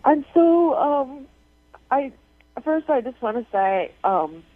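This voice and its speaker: Woman, caller, tearful, halting, high voice, tinny phone line. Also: big pitch swings, no room sound. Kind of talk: radio call-in conversation.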